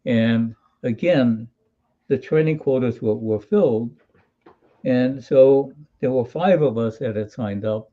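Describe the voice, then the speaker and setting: An elderly man in his eighties recalls his army days in an interview, folksy and wry, restarting his sentences as he goes. His voice sits at an ordinary pitch with a mellow, dark tone, and the recording sounds a little dull and lo-fi. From Hawaii. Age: 80s. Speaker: interview guest, military veteran. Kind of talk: storytelling in an interview.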